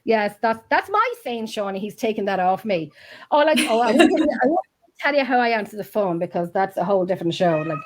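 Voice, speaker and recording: A woman's voice: mid-range voice, very animated, brisk. A woman, a paranormal investigator, chatting on a podcast in a rambling way, often breaking off mid-sentence. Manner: chatty, rambling, self-interrupting. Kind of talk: casual chat.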